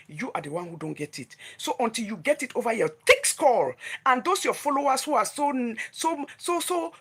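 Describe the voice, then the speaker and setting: Husky Nigerian woman ranting. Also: a little high. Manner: confrontational, scolding, emphatic repetition. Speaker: vlogger running a gossip news channel. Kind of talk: heated scolding rant to camera.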